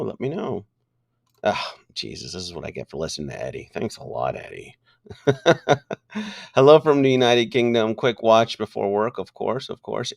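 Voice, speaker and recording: A man's voice: mid-range voice, vocal fry, dry recording, clean studio sound. A man hosting a casual live stream, greeting viewers one by one and joking loosely, with many fillers and restarts. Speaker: livestream host greeting viewers.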